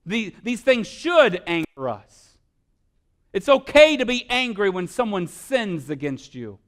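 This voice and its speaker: Impassioned preacher man, fairly high voice. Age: adult with children. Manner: builds from quiet to loud passionate preaching. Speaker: pastor. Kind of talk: sermon.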